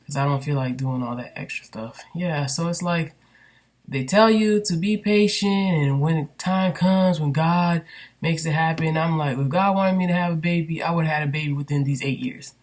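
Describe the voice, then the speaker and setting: A woman's voice: low voice, moderate pace, a little mellow. A woman candidly venting in a personal vlog, rambling and emotional with many fillers, recorded on a built-in computer microphone. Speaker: vlogger.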